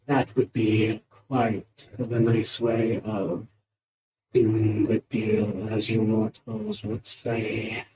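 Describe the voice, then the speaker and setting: A man voicing a female beholder, an eerie aberration monster who talks down to mortals in a slow, drawn-out way. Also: on the low side, flat delivery, heavy background noise. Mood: lofty.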